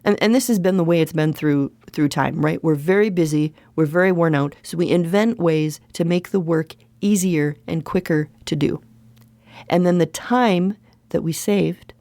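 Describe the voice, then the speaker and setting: Candid middle-aged woman podcaster, mellow. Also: fairly low pitch, no room sound. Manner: candid, emphatic, repeats points for stress. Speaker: podcast host. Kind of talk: solo podcast monologue.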